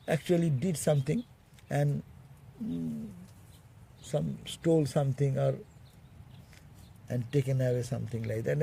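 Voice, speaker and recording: Male monk teacher, fairly high, mellow voice; storytelling sermon full of chuckles. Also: vocal fry, slight background noise. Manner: chuckles often while telling; halting, restarts phrases.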